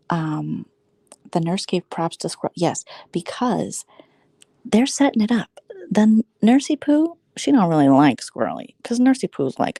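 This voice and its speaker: A woman hosting a casual late-night vlog chat, rambling through gossip and often sinking into a hushed whisper. Her voice has a gravelly fry and a mellow, dark tone, recorded dry and close. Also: on the low side, expressive, normal speed, no echo. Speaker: vlogger host.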